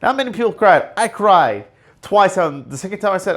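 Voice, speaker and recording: Guy rambling on his own podcast, excitable, lots of uhs, kinda high voice. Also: moderate pace. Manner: excitable, rambling, full of fillers and restarts, emotional outbursts. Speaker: podcast host. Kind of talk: casual solo podcast rambling.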